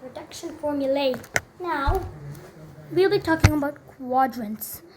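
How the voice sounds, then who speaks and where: With a high, unhurried voice and background noise around her, a young woman walks through math as a tutor. It's casual explaining while she writes, chatty and packed with fillers and self-corrections.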